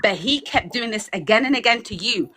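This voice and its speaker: A woman's voice: fairly high pitch, expressive, brisk, bright, forceful tone. A woman with an accent giving a fiery, preachy pep talk as a guest on a livestream. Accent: foreign accent. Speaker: guest speaker.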